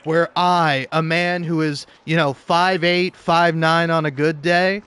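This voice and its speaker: Young male streamer with a somewhat high voice, chatting in a loose, profane, laughing way. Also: fairly even intonation, slow pace, a bit bright, smooth. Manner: rambling, profane, laughs often. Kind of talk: casual storytelling while gaming.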